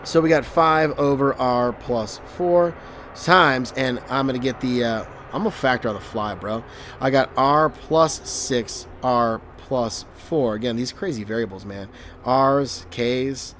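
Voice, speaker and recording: A man's voice: medium pitch, measured pace, fairly bright tone, a little hiss or hum. A young male math teacher working through review problems in a casual, joking way, recorded at home on a desk microphone. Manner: chatty, jokey, talks to students as he works.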